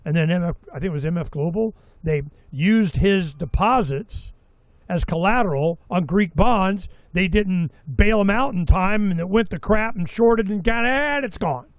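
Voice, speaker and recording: Middle-aged guy hosting a talk show, kinda high voice, rambly and sarcastic, dry close sound. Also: animated, normal speed, dry recording. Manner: rambling, sarcastic, acts out quotes in mocking voices. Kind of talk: casual opinion monologue.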